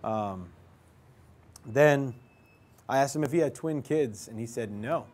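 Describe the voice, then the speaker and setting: A man's voice: medium pitch, takes it slowly, a little mellow. A young man casually recounting his search for his father, rambling and conversational, acting out quoted dialogue along the way. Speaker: vlogger telling his life story. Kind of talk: casual storytelling.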